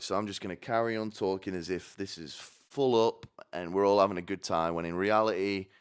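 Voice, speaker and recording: His voice sits low yet carries a fairly bright, clear, resonant tone. Alone on a live stream, he delivers a stand-up style rant that rambles, provokes, swears, wanders into asides, and leans on "right?"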